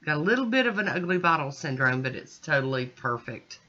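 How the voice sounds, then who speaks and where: A woman narrates her nail art video in a chatty voice-over, talking through every step as she goes. Her voice is bright and forceful, and the recording sounds dull and lo-fi. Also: deep voice, big pitch swings, a little fast. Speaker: nail art channel host. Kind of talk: casual voice-over nail tutorial.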